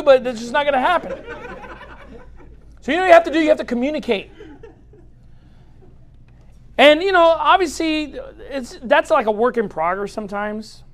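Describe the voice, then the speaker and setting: A pastor preaches a humorous sermon in church in a very high-pitched voice. He speaks directly to the audience in a lively, joking manner.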